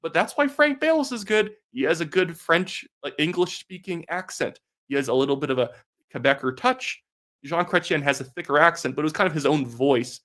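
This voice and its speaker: A man's voice: on the high side, fairly bright tone. A young man from Canada giving casual political commentary, blunt and sarcastic, with lots of "like" fillers. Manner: fast talk with many filler "like"s.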